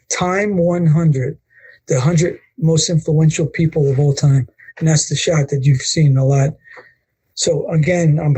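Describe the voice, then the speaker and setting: An older man, his voice a touch high and husky. He recounts anecdotes in an interview, acting out what others said with lively energy. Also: low-quality recording. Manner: animated storyteller acting out quotes. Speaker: guest, wrestling photographer. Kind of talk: storytelling interview.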